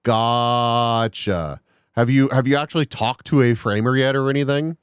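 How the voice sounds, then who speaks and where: A man's voice: mid-range voice, normal speed, clean tone. A man chatting casually on a live stream, reacting to a video and talking back to it, with stammers when he gets flustered.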